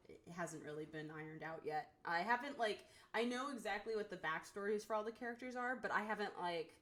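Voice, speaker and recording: A woman's voice: medium pitch, fairly quick, a bit bright. Chatty woman streamer, lots of ums. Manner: laughing, hesitant with many ums. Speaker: streamer and show creator. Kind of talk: casual live-stream chat.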